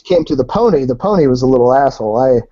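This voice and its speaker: A man telling wild stories on a podcast, animated and swearing freely. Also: mid-range voice, fast, crowd noise. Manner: animated, swears, acts out voices in anecdotes. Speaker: podcast guest. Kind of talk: casual storytelling. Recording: dull lo-fi podcast audio.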